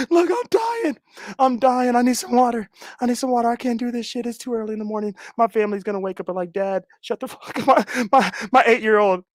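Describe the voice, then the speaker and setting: Loud laughing high-voiced man streaming. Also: a little fast, no echo, clean studio sound. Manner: laughs constantly, loud and animated. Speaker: livestream host. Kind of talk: casual livestream chat.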